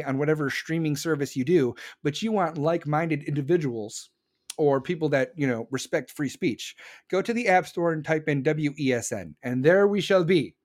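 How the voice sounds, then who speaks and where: A man's voice: a little high, darkish tone. A man, hosting a live show and ranting heatedly and sarcastically, swearing often and mocking people in put-on voices. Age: 40s. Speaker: live-stream podcast host. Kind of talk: ranting political talk.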